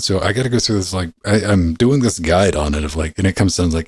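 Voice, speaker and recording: Man, podcast host, deep voice, husky and dry close-mic sound, swears freely, wisecracking. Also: quick pace, few pauses, a little mellow, no room sound. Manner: profane, wisecracking. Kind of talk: casual chat.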